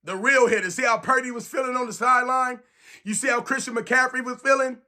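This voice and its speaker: A man's voice: extremely high pitch, a little fast. A man from San Francisco, ranting casually and emphatically to camera as a sports fan, repeating his points. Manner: animated, emphatic, repeats phrases.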